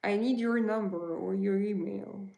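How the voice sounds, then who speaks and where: A woman chats unhurriedly with her livestream viewers and answers their comments. She thinks aloud, repeating words and filling pauses. Her voice carries a noticeable echo from the room. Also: mid-range voice, vocal fry, dark tone. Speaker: livestream host.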